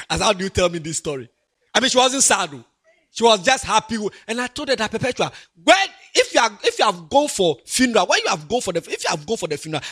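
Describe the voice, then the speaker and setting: A husky, bright-toned man with a Ghanaian accent preaching a sermon. His voice sits high and he moves from soft asides to loud, emphatic bursts. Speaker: pastor.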